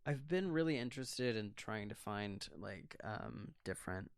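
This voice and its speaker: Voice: mid-range voice, animated, a little slow, clear, resonant tone, dry recording, studio quality. A podcast co-host in casual chat, joking bluntly and swearing freely.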